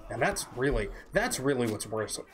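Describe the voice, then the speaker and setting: A young man from the American South giving halting, offhand commentary while streaming a game. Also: medium pitch, big pitch swings, soft background music. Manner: halting, musing, offhand remarks. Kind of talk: casual gameplay commentary.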